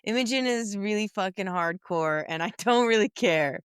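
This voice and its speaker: A woman's voice: mid-range voice, moderate pace, clean tone, no echo, studio quality. A woman co-hosting a casual book podcast, reflecting thoughtfully and chiming in with short agreements. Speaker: podcast co-host.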